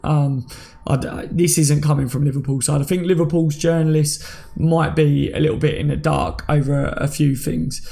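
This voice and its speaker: Man, 30s, livestream host, gravelly fry, slightly high voice, chatty banter with viewers. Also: steady tone, normal speed, dark tone. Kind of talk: casual live chat reading comments.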